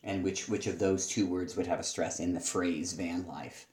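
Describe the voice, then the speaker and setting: Low-voiced teacher in a roomy space. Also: male voice, steady tone, a little mellow. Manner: thoughtful, hesitant, many pauses. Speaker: teacher giving feedback. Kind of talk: spoken feedback on student writing.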